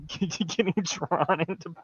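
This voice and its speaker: A man's voice: on the high side, steady tone, slow, slightly rough, no room sound, highs cut off. A man with a Southern American accent chatting on a group call, rambling and hesitant with lots of fillers. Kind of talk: casual group chat on a call.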